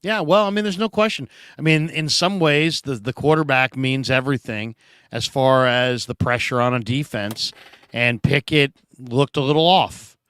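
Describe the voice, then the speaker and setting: A man hosts a casual sports talk show about football, reading out viewer comments and adding playful asides in a chatty way. His medium-pitched voice is a bit bright, clear and resonant, moving at normal speed, and the studio-quality recording has no room sound.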